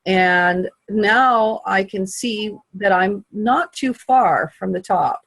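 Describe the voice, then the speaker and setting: Husky, gravelly woman telling a story. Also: medium pitch, a bit bright, no room sound, poor audio. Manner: halting, heartfelt telling with long pauses. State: tearful. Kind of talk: personal storytelling. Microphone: video call.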